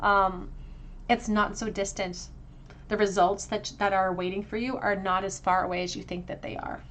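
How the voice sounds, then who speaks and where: A woman's voice: medium pitch, flat delivery, normal speed, a bit bright, slight background noise. A woman giving a pick-a-card tarot reading, speaking straight to the viewer in an earnest, emotional way and talking with braces. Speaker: tarot reader.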